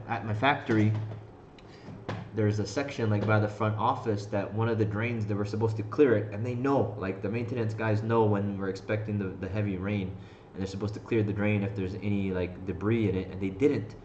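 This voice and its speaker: A man's voice: lowish voice, slight background noise. A man hosting a trading live stream, chatting casually in a rambling, profane way and laughing often. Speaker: trading livestream host. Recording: roomy, slightly dull stream audio.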